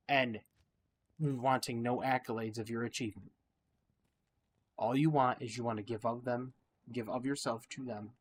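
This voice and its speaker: A man's voice: medium pitch, slight background noise. Rambling reflective male gameplay vlogger. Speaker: gaming channel host. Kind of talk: casual gameplay commentary with musings.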